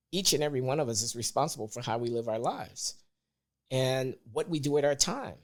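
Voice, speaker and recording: A man talking as a podcast guest, measured and deliberate, pressing hard on key words. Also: mid-range voice. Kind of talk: conversational opinion talk.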